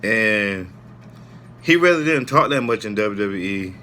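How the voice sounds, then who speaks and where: A man's voice: fairly low pitch, expressive, a little slow, sharp tone, a little hiss or hum. A man giving a casual, heartfelt spoken review, rambling with many "you know"s and "man"s. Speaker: wrestling show reviewer.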